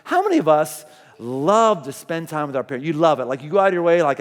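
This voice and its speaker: A man's voice: on the high side, big pitch swings, fast. A middle-aged male pastor preaching a sermon in a chatty, storytelling way. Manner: conversational storytelling, acts out quoted voices. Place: large church auditorium. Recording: long reverb of a large hall.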